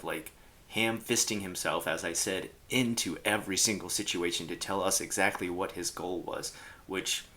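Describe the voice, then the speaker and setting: A low-voiced role-playing game commentator casually tells tabletop gaming stories to the camera. He rambles, leans heavily on filler words, and quotes people in an animated way.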